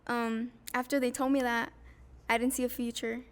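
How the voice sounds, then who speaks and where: A young woman telling her own story in a casual podcast conversation, speaking softly and haltingly with many fillers. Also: fairly high pitch, flat delivery, clean tone. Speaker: guest sharing her story.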